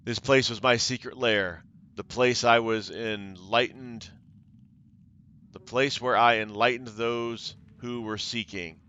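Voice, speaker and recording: A man's voice: mid-range voice, fairly even intonation, slow, sharp tone, clean tone, muffled recording. A man voicing a cruel, taunting female cult leader while reading game dialogue aloud, with mocking theatrical delivery.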